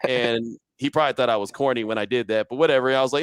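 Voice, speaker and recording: Fast-talking man telling a story. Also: mid-range voice, smooth, dry recording. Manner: animated storyteller, acts out his own quotes. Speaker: podcast guest, sports radio host. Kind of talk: casual storytelling interview.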